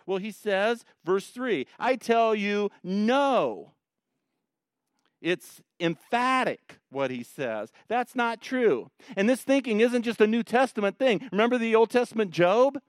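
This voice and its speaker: A man preaching a sermon, emphatic, swinging between quiet, low passages and loud, rising ones. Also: no echo. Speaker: pastor.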